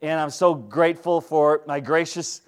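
A man's voice: fairly high pitch, steady tone, normal speed. A male pastor giving a candid, conversational sermon to his congregation, often asking them rhetorical questions. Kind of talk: storytelling sermon.

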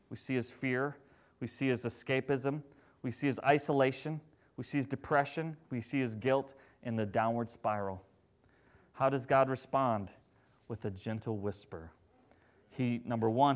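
Brief: male preacher, mid-pitched, delivering a sermon that swings between loud and hushed. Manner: swings from loud, animated paraphrase to hushed, gentle tones.

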